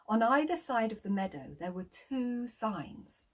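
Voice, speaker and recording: Slow, lively woman telling a children's story. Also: a little high. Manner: playful, invites listeners to act along.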